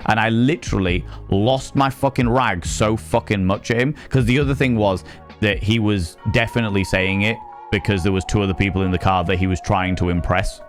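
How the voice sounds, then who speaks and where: A man with a lowish voice talks casually on a live stream, swearing freely as he spins lively stories. His delivery is animated and conversational, with faint music playing underneath. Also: fairly quick. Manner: sweary, animated storytelling, reads chat aloud.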